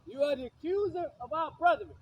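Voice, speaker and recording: Man, very high pitch, combative preacher who quotes scripture and hammers the same lines. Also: fairly quick, low-quality recording. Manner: repetitive, insulting, shouts lines again and again. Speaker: street preacher. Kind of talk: confrontational preaching with scripture readings.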